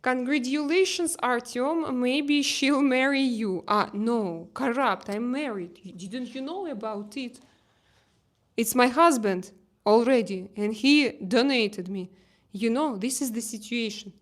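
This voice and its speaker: A young woman with a Russian accent chatting casually on a phone live stream, halting with fillers and restarts, reading chat messages. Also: on the high side. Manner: halting, many fillers and restarts, laughs easily. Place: home terrace.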